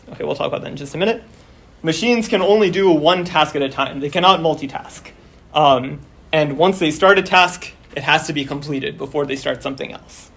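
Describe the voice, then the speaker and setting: Casual young male lecturer, somewhat high voice. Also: gravelly, fairly bright tone, slightly rough. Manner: casual, explains step by step with many fillers. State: losing his voice. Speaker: course instructor. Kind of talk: university lecture. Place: classroom.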